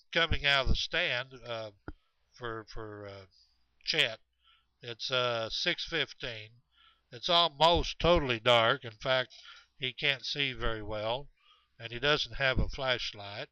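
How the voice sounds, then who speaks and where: A man spins a rambling outdoors story at an unhurried crawl, stopping often with fillers and restarting his sentences. His voice is bright and smooth. The recording is dry and a little dull. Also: mid-range voice, no echo. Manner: slow, halting, many fillers and restarts. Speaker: storyteller of Bigfoot encounters.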